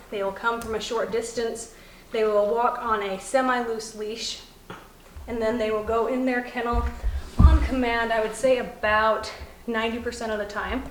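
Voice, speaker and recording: A woman dog trainer explaining puppy commands in a calm teaching manner, softly praising the puppy between steps. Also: mid-range voice. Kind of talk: instructional demonstration. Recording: echoey room, faint noise.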